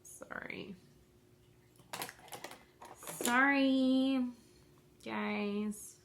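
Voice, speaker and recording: A woman's voice: fairly high pitch, fairly even intonation, very slow, slight background noise. A woman vlogger chatting casually to viewers while doing her makeup, rambling and self-deprecating.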